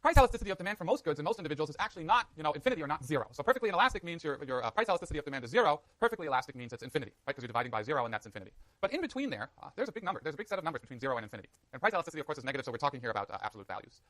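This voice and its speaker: A man giving a university economics lecture in a hall, energetic and joking with his students. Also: fairly high pitch, rapid-fire, few pauses.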